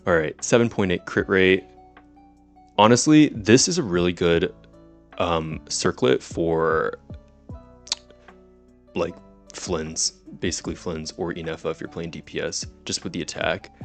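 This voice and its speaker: Giddy gravelly young male streamer. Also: deep voice, unhurried, pauses often, soft background music. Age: 20s. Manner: giddy, laughs often, swears casually. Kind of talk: casual live-stream chat.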